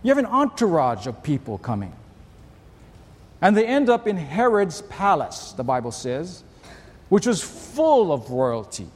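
A man delivers a sermon in a relaxed, storytelling way, his voice sitting a little high for a man. He leans on rhetorical questions and doubles up his words as he talks. The recording carries the long reverb of a large church hall. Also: a little slow, breathy edge. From Hawaii. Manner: conversational, asks rhetorical questions, repeats words. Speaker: pastor.

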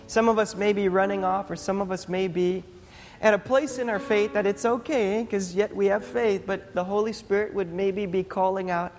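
A young adult man, a pastor, preaching a sermon in a conversational, animated storytelling manner. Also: high-pitched, moderate pace. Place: church sanctuary. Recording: long hall reverb, faint music.

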